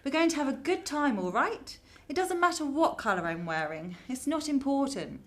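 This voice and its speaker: An actress playing a young woman, meek and quiet when she answers the AI and cheerful when she talks to her mother, in a radio drama. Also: sits high, very animated, normal speed. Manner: meek with the AI, bubbly with her mum. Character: young woman under an AI's control.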